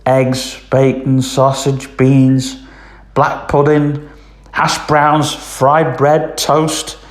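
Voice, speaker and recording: A man's voice: mid-range voice, completely flat delivery, very slow, roomy sound. A man telling a long casual story, rambling with lots of ums and "I says". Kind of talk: casual spoken anecdote.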